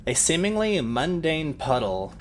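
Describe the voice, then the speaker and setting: A man's voice: on the high side, big pitch swings, unhurried, a little hiss or hum. A man narrating a tabletop game as game master, describing scenes vividly and laughing often.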